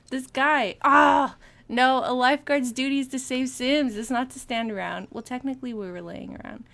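A woman casually commenting on her gameplay as a let's play host, excitable and chatty, often laughing and gasping and talking to her game characters. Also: high voice, a little fast, gravelly.

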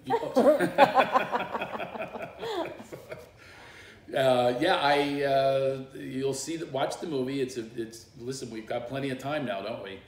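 A middle-aged comedian tells loose, rambling stories on a livestream and often laughs along the way. His voice sits at an ordinary pitch for a man. It bounces around a small office, with a faint hum of room sound underneath. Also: very animated, slow, roomy sound. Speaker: comedian and coach hosting a livestream. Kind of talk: casual storytelling on a livestream.

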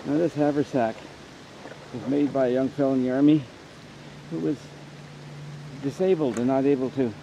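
A man casually narrating to a camera outdoors in the woods, chatty and unhurried as he sets up his gear. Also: medium pitch, fairly even intonation, mellow. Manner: chatty, unhurried, talks to camera while working. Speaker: outdoor vlogger. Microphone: camera mic on a small tripod. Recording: dull lo-fi outdoor recording with clear background noise.

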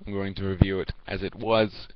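A teenage boy films a casual review and rambles through it, stopping and restarting with many fillers. His voice sits a little low, and the home recording sounds dull and lo-fi, with a faint hiss behind it. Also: little pitch movement, a little fast. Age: teens. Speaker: video reviewer. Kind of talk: casual vlog talk to camera.

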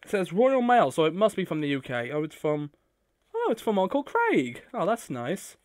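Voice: mid-range voice, huge pitch swings, normal speed, a little mellow, dry recording. A YouTuber talking casually to camera, gushing and effusive with thanks. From United Kingdom. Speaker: YouTuber opening fan mail. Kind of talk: casual vlog talk to camera.

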